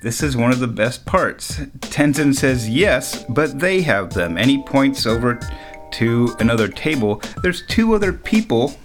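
A man's voice: mid-range voice, normal speed, faint music behind. Chuckling man telling a story. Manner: relaxed, chuckles often between lines. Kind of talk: storytelling anecdote.

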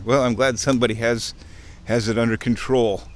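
A man's voice: medium pitch, steady tone, brisk, a little hiss or hum. A man narrating casually while walking outdoors along a wooded creek. He is playful and chatty, mimicking sounds and chuckling often. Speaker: nature vlogger. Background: faint outdoor ambience.

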